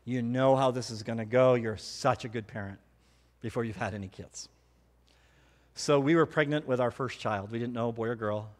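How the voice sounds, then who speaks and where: Man, middle-aged, pastor, sermon storytelling, self-mocking humor, medium pitch, reverberant church hall. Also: moderate pace. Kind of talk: sermon with personal stories.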